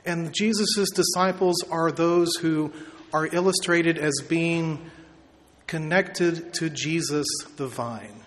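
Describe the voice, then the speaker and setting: Male pastor, sermon, measured and emphatic, somewhat high-pitched, reverberant sanctuary. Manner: measured preaching with drawn-out emphasis on key words. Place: church sanctuary. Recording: long reverb of a large hall.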